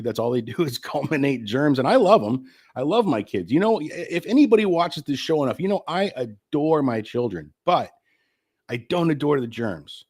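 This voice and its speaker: A man's voice: mid-range voice, a little mellow. A middle-aged man getting over the flu and short of breath, hosting his own live-streamed talk show in a candid, rambling way and swearing freely.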